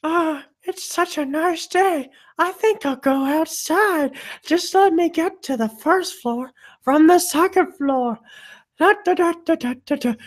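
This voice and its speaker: A woman's voice: very high voice, measured pace, pitched below the performer's own voice. A woman voicing a clumsy old woman who keeps falling, whimpering and wailing in a strained, worn-out voice. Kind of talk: comedic podcast sketch.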